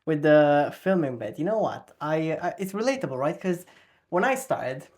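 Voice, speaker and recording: A man hosts a podcast interview in an easy, casual way. His talk is relaxed and friendly, with small hesitations as he shares stories. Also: on the high side, moderate pace. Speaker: podcast host.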